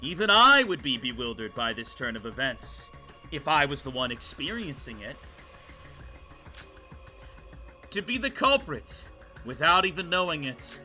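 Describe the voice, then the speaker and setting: A man voicing a brooding young female protagonist's inner monologue, reading game narration aloud in a low, hushed, solemn way. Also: very animated, moderate pace, faint music behind, full character voice.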